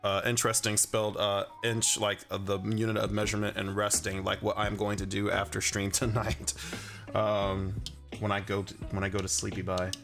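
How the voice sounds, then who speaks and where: A man with a low, gravelly voice talks casually on a livestream as he paints. He rambles, fills gaps with "like" and "uh", and answers his chat. Soft music plays quietly under him. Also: completely flat delivery, moderate pace. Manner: rambling and chatty, full of fillers and chuckles, reads chat aloud.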